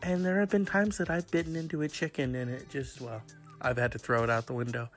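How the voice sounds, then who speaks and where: A man's voice: medium pitch, flat delivery, fairly quick, faint music behind. A man vlogging in a casual, profane, rambling rant.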